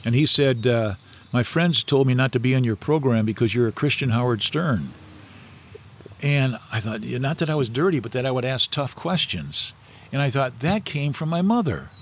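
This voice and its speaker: A man's voice: medium pitch, animated, normal speed, slight background noise. Rambling middle-aged man telling stories. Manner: rambling, anecdotal, with many fillers and restarts. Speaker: interview guest. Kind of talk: casual storytelling interview.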